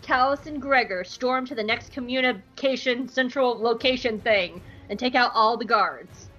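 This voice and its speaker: A woman's voice: fairly high pitch, normal speed, pushed and bright, faint music behind. Playful woman recapping a show, slightly muffled. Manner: playful, jokey, acts out quotes in silly voices. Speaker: podcast co-host recapping an episode. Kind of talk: casual recap with comic voiced quotes.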